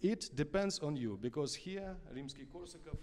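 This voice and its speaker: A man who is a conductor, with a Russian accent and Russian as his first language, coaching an opera singer in a masterclass in halting English full of fillers. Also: on the high side, expressive, darkish tone. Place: small concert hall. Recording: reverberant concert hall.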